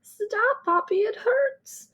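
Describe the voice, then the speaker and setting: A woman voicing a scared, hurt young girl who cries out in a high, pleading voice. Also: takes it slowly, fairly bright tone, heavily acted. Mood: pained.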